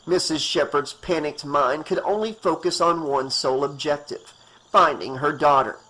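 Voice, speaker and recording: A man's voice: on the high side, moderate pace, bright, forceful tone, low-quality recording. A man reading a horror novel aloud as an audiobook narrator, in a tense, dramatic way.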